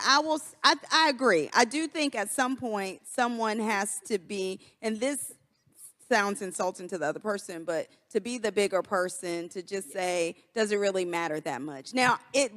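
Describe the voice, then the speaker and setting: A woman chatting casually, agreeable and quick to chime in. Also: mid-range voice, fairly bright tone. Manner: agreeable, frequent backchannel, laughs often. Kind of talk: casual chat. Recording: long reverb in a hall.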